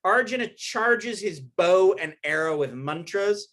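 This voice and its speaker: A man's voice: high voice, expressive, a little slow, a bit bright. A man giving a casual recorded lecture, retelling an epic in an informal, storytelling way with slang.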